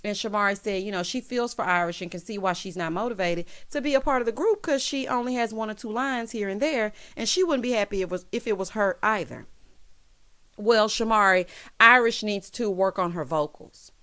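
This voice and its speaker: A woman giving a casual recap of a reality show, sassy and animated, who talks straight to the cast members as she goes. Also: medium pitch, brisk. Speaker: recap vlogger.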